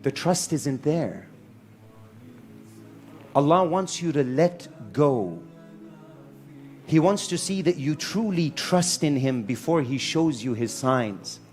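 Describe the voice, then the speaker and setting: A man preaching a lively sermon to a live audience in a hall, mixing Arabic phrases into his English. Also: a little high, slow pace, pauses often, faint music behind. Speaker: Islamic preacher. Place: hall with a sound system and echo.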